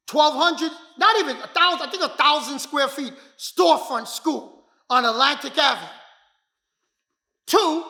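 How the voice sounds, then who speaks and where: In an echoey room, a martial arts instructor with a very high, creaky voice recounts his story as a motivational talk. He is emphatic and repetitive, frequently breaking into shouts.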